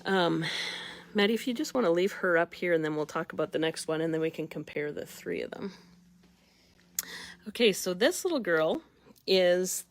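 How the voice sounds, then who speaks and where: A woman's voice: fairly low pitch, animated, moderate pace, long pauses. A woman dog breeder chatting casually and fondly while showing off puppies. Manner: chatty and folksy, fond toward the puppies. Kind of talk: casual chat.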